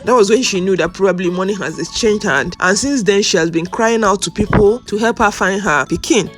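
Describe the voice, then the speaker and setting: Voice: medium pitch, a little fast, soft background music. A commentator talking through a story in an indignant, musing tone. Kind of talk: casual commentary.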